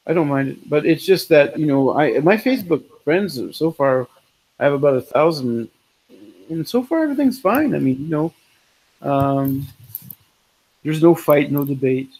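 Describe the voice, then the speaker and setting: Tired, gravelly-voiced man chatting. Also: fairly high pitch, expressive, moderate pace, darkish tone, poor audio. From Belgium, raised in Canada. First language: French. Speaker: guest artist. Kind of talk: casual chat.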